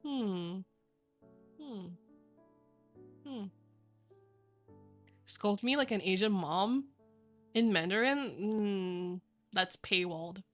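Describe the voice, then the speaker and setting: A woman's voice: medium pitch, expressive, extremely slow, long pauses, soft background music. A young woman streamer chatting casually with viewers, rambling with lots of fillers and giggling often. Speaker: virtual streamer. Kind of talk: casual livestream chat.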